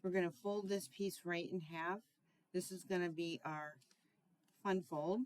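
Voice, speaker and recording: A middle-aged woman hosting a casual card-making tutorial, chatty and sometimes searching for words, with frequent ums and throat clearing. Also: lowish voice, fairly even intonation, unhurried. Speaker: craft tutorial host.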